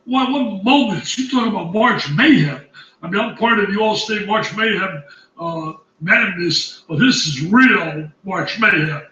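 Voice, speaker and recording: A man's voice: high voice, lively intonation, unhurried, bright, forceful tone, echoey room, recorded from a distance, dull audio. A man reacting as a college basketball analyst, exclaiming emphatically and repeating his phrases in disbelief. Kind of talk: excited studio reaction commentary.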